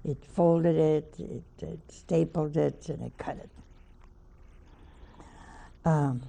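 A woman's voice: deep voice, fairly even intonation, takes it slowly, vocal fry, dark tone. An older woman, a nun, preaching a sermon by telling a homely story with wry asides.

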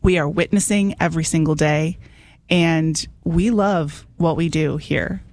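A woman's voice: low-pitched, measured pace, darkish tone. A woman hosting a radio call-in show in a chatty, encouraging way, urging listeners to phone in. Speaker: radio host. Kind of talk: casual radio talk.

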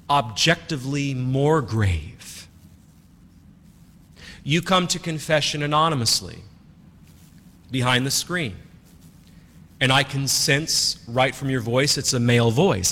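A man's voice: mid-range voice, fairly bright tone, big-room sound. A man preaching as a priest, who talks emphatically and repeats his key phrases. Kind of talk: sermon.

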